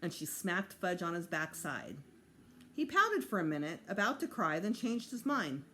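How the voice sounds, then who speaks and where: A woman teacher reading a children's chapter book aloud with expressive narration. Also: lowish voice, moderate pace, a little hiss or hum. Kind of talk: storybook read-aloud.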